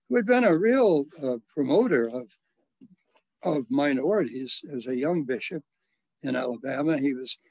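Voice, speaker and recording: Elderly priest recalling, dull dry recording. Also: male voice, fairly high pitch, no room sound. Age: 80s. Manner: halting storyteller, frequent restarts and soft chuckles. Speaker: retired Catholic priest and social worker. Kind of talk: reminiscing in an interview.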